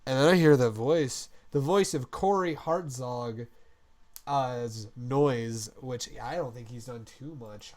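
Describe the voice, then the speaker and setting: Excitable young man gushing in casual chat. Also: a little high. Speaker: podcast co-host.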